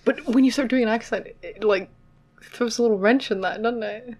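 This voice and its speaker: A woman's voice: fairly high pitch, fairly quick, a little mellow. A woman co-hosting a podcast in casual chat, musing through playful hypotheticals. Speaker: podcast co-host.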